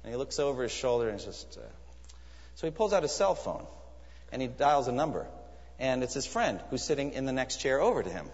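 A man's voice: medium pitch, sing-song, fairly quick. A man preaching a sermon in an earnest, emphatic way, pressing his listeners with searching questions. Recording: echoey hall, dull lo-fi sound.

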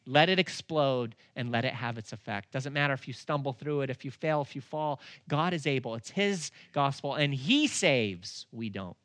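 Forceful, bright-voiced man preaching. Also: medium pitch, no room sound. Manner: animated, acts out dialogue in his stories; slows down and leans on words for emphasis. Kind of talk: storytelling sermon.

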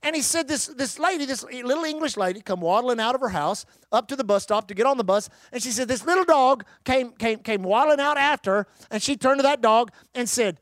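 A man's voice: extremely high pitch, fast talker, hardly any pauses, no echo, studio quality. A man preaching a sermon, emphatic and calling on the congregation to answer back. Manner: emphatic, calls for congregation response.

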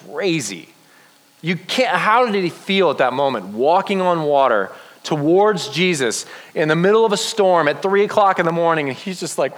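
A man preaching a sermon to young people, telling a Bible story with lively acted-out quotes. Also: on the high side, normal speed, in a large hall. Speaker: youth pastor.

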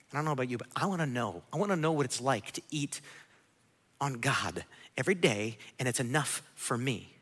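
A man preaching a sermon to his congregation as pastor, animated and acting out biblical figures in quick asides. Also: medium pitch, slightly rough. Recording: long hall reverb.

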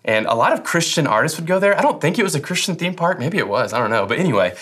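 A man's voice: a little high, very animated, quick pace, a bit bright, slightly rough. A young man preaching a sermon in a casual, joking way, often restarting his phrases. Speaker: pastor.

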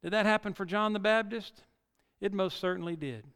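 A man's voice: high voice, normal speed, a bit bright, smooth. A male pastor preaching a sermon, reading scripture dramatically and building to emphatic peaks. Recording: long reverb of a large hall.

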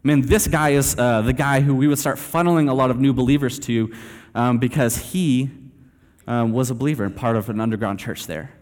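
A man's voice: medium pitch, fairly quick, darkish tone. A young man from Texas telling a story in a sermon, casual and self-deprecating, dropping "man" and "like" throughout. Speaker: preacher. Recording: reverberant hall.

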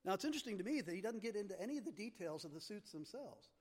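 A man with a high voice preaches a sermon and hits his key words hard. His voice rings out in the long reverb of a church sanctuary. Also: big pitch swings, rapid-fire. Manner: emphatic teaching, stressing key words. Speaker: pastor. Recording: long reverb of a large hall.

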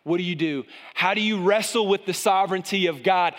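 Impassioned high-voiced male preacher. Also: a little fast, few pauses, a bit bright, in a large hall. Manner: impassioned, rises in pitch when voicing cries to God. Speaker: pastor. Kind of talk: sermon.

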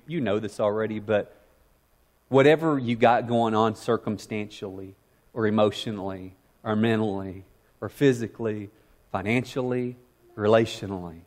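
A man's voice: mid-range voice, a little mellow. Impassioned male preacher, repeating himself. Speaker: pastor. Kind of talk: sermon.

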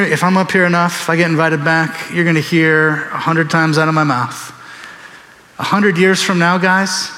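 A man's voice: fairly high pitch, pushed and bright, in a large hall. A man preaching a sermon in a church, conversational and storytelling, acting out quoted voices. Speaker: pastor. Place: church sanctuary.

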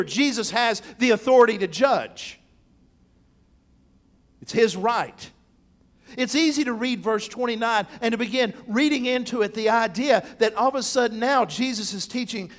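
A man preaching a sermon, telling stories in an emphatic pastor's delivery. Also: high voice.

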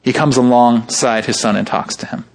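A man preaching a sermon, animated, moving from low measured stretches to high emphatic ones and acting out quoted speech. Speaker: pastor.

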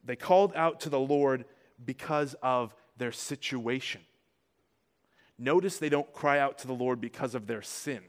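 A man's voice: mid-range voice, a little slow. Man preaching a conversational sermon. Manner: conversational preaching with frequent rhetorical questions; rises in volume when stressing points. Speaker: pastor.

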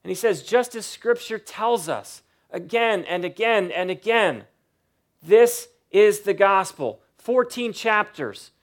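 A man preaching a sermon to his church, emphatic and slowing down to stress key points. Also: high voice, lively intonation. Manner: emphatic preaching, varies loudness and slows for emphasis. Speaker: pastor.

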